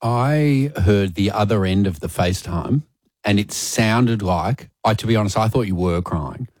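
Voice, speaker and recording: A man's voice: fairly low pitch, measured pace, darkish tone, dry recording. A man co-hosting a radio show, teasing his co-host in studio banter. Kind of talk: breakfast radio chat.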